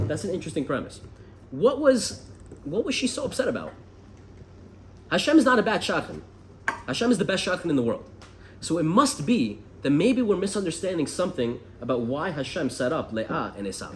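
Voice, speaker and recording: An American man teaching a lively Torah class, asking the room questions as he goes. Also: on the high side, brisk, slight background noise. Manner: animated, asks the room questions. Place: classroom with a group.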